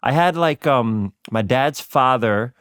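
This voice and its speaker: A man guests on a podcast, playful and quick to laugh, in a mid-pitched voice. The recording is close and dry. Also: expressive, a bit bright, clear, resonant tone, dry recording. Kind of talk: casual chat.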